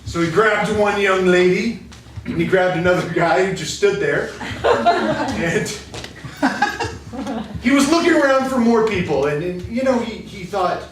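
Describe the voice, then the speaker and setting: A man's voice: high-pitched, animated, measured pace, pauses often, slight background noise. A man narrating an improvised comic story on stage, chuckling often. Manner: chuckling, playful. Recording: echoey room from far off.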